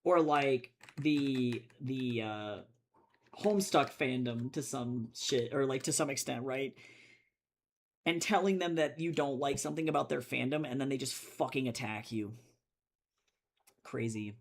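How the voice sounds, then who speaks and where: A man's voice: medium pitch, unhurried. A man from the United States ranting casually and profanely while drawing comics on a livestream, full of filler words, at a desk at home. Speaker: comic artist streaming.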